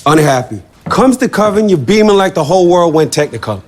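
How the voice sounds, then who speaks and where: Brooding male vampire in a TV drama, wounded and bitter; with a lively, rising and falling pitch. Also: brisk. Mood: reproachful. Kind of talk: drama series dialogue.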